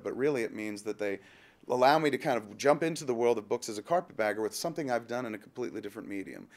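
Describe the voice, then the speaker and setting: A man in his thirties, telling a rambling story in a casual, joking interview, quick with asides and the odd swear word. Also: medium pitch. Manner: fast, animated and jokey, quick asides and profanity. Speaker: interviewee, filmmaker and author.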